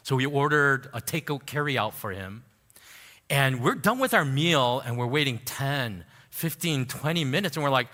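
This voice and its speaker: A man preaching a sermon, telling a personal story in an animated way, laughing at himself and dropping soft and low when he turns to prayer. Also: normal speed. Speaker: pastor. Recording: long hall reverb.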